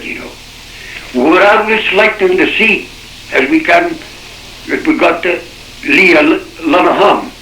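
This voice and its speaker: An older man with a Shetland accent tells his story in a rambling, dialect-rich way, breaking off and starting over. His voice is bright and a little high for a man. The old cassette recording sounds roomy, with a faint hiss underneath. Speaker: shipwreck survivor. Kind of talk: oral history reminiscence.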